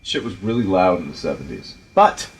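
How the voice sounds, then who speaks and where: A middle-aged man with a Providence, Rhode Island accent, hosting a casual chat and telling stories about directing in an animated, profane way with lots of fillers. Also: low-pitched, brisk, slight background noise. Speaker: podcast host and film director.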